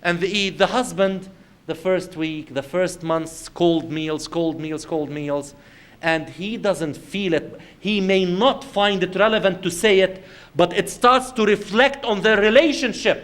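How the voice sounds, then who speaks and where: Male Islamic lecturer with a high voice. Conversational storyteller who addresses the audience directly. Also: measured pace, a bit bright. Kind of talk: lecture to a congregation.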